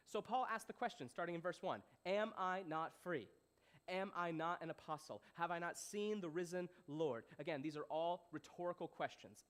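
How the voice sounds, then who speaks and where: Young male pastor, high voice, lively casual sermon delivery. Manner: animated, playful, asks the audience questions.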